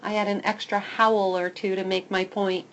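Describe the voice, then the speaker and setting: A woman narrating a first-person children's story in a lively, expressive way. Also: medium pitch, moderate pace, dull audio. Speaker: audiobook narrator.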